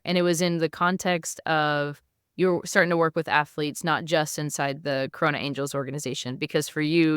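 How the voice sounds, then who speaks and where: A woman hosting a podcast asks her guest measured questions in a low, smooth voice. The recording is dry. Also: no echo. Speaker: podcast host. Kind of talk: interview questions.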